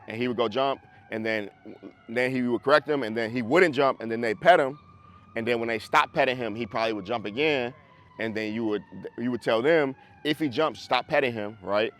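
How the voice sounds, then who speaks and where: Leading a group class by video call, a man who trains dogs speaks casually and conversationally, frequently making sure everyone's following. His medium-pitched voice is fairly bright and a little fast.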